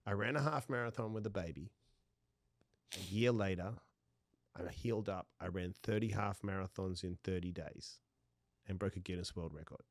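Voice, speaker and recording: A man's voice: low-pitched, normal speed, dry recording, clean studio sound. A man telling a personal story as a podcast guest, laughing often and acting out the dialogue. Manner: animated, laughs often mid-sentence; acts out dialogue in his stories.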